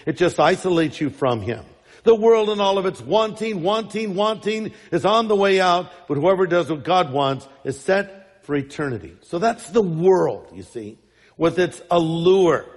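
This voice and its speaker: Male pastor, sermon, emphatic, rhetorical questions, high voice, long hall reverb. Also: animated, unhurried.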